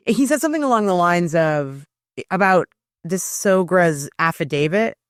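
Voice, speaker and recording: A woman co-hosts a podcast in casual, blunt chat. Her voice sits very low for a woman and is recorded dry and close. She talks plainly and often agrees with her co-host. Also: expressive, clean tone, dry recording. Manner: blunt, conversational, quick to agree.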